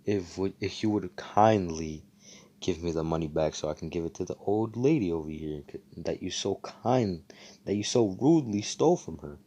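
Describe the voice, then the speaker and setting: A man's voice: low-pitched, lively intonation, normal speed, mellow. A man voicing a brash, cocky young male hero who swears and talks down to others.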